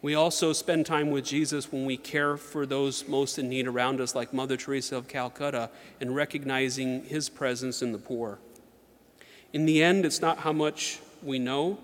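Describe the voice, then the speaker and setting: A man giving a sermon in an earnest, measured way, reading slowly and with emphasis. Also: mid-range voice. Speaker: preacher. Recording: long hall reverb.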